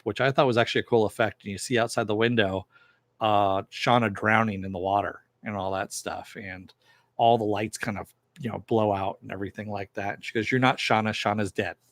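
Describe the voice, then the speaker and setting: Low-voiced man giving a rambling recap. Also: dry recording. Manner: rambling, loose, lots of "uh" and "you know", jokey asides. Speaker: TV episode reviewer and host. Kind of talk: casual recap review.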